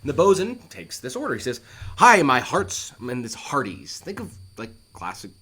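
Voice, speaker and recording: A man teaching a play line by line, animated and reassuring, who breaks into acted quotes as he explains. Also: mid-range voice, a little fast, breathy edge. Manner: talks straight to the student, reassuring.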